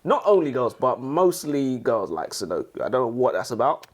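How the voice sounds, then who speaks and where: Chatty man, lively pitch. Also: moderate pace. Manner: chatty, digressive storyteller. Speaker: podcast co-host. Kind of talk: casual book discussion.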